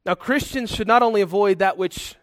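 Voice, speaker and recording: A man's voice: high-pitched, a little fast, no room sound, studio quality. A male pastor preaching a sermon in an earnest, conversational way, with asides.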